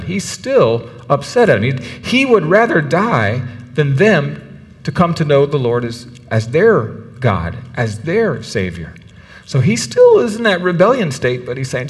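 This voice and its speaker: Male pastor, sermon, animated storytelling, long church reverb. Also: fairly high pitch, normal speed. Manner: animated, acts out biblical characters' words. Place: church in the UAE.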